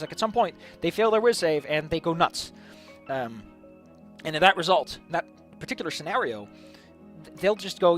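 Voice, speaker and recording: A man's voice: high-pitched, lively intonation, brisk, a bit bright, soft background music. A man musing aloud in a casual, rambling monologue about tabletop game ideas, stumbling over repeated words as he goes. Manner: rambling, many repeated restarts. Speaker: tabletop game video host.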